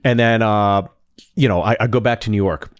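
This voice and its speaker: A man's voice: on the low side, moderate pace, clean tone, no echo. A middle-aged man telling a comedic story as a guest, acting out the dialogue with energy. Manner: animated, acts out dialogue.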